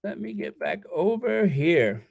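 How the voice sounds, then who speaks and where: Slow rambling livestream host. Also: mid-range voice, sing-song, vocal fry, darkish tone, no room sound, studio quality. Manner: rambling, stammering, reading viewer messages aloud. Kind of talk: casual livestream chat.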